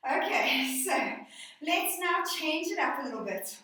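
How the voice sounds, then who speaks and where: A woman's voice: very high voice, sing-song, a little slow, pushed and bright. A woman fitness instructor guiding a workout, cueing breaths and counting reps, a little out of breath. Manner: encouraging, counts and cues breathing. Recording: echoey room, voice from a distance.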